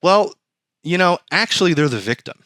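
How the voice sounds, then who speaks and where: Brief: podcast host, bright tense voice, rambling profane comic storytelling, dry close mic. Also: male voice, high-pitched, sing-song, normal speed, no echo. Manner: rambling, profane, self-mocking. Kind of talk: comedic storytelling.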